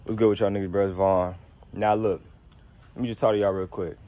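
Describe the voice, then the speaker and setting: A young male YouTuber talks casually and candidly to his viewers from home in a spiritual monologue to camera, slangy, rambling and often restarting. His voice is lowish, warm and level, moving a little fast.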